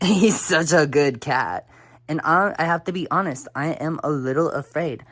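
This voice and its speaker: A young woman vlogging in a casual, rambling way, full of fillers and the odd swear word, who gets soft and quiet when she opens up. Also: normal speed. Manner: drops to a soft, low voice when talking about her fears. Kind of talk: casual chatty vlog talk.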